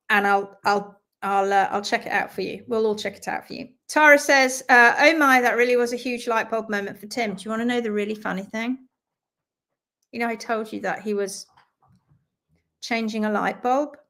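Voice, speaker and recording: A woman hosting a live stream, chatting casually as she greets viewers and reads out their comments. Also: fairly high pitch. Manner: lively and talkative, with quick asides. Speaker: host of a live stream on hoof care.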